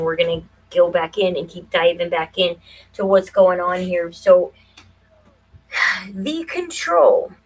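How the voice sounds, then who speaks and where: Husky woman rambling on a livestream. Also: medium pitch, poor audio. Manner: rambling, thinks aloud with many fillers; conspiratorial, builds to quick emphatic bursts. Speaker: livestream host. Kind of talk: casual livestream monologue.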